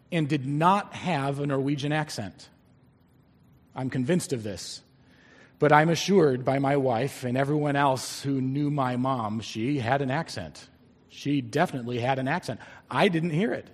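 A man preaching a sermon in a church, speaking deliberately and stretching key words for emphasis. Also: medium pitch, slightly rough, big-room sound. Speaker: pastor.

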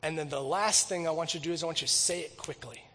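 A man preaching a sermon as a pastor. He swings from eager, quick bursts to near-whispered emphasis. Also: fairly high pitch, fairly bright tone, long reverb tail, slight background noise.

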